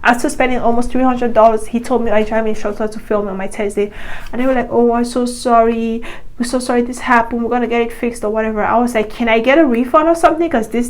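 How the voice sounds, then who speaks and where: A young woman vlogging a storytime to her viewers, with a slightly high voice. She rambles in a casual, chatty way, exasperated and padded with fillers as she retells what happened. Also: low-quality recording.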